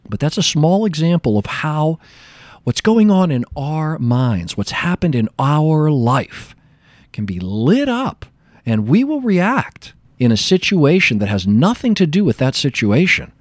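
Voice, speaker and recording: Male therapist, lively storyteller, expressive pitch, dry booth-like sound. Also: a little slow, no room sound. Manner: animated storytelling, acts out dialogue. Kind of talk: explanatory talk with personal anecdote.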